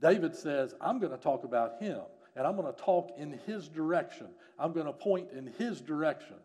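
A man preaching a sermon on a psalm, earnest, rising to emphasis and dropping soft again. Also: a little high, lively intonation, moderate pace, big-room sound. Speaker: pastor.

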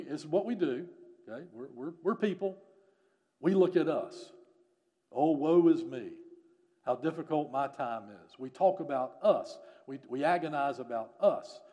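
A man preaching a sermon on a psalm, earnest, rising to emphasis and dropping soft again. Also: fairly high pitch, animated, normal speed, long reverb tail. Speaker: pastor.

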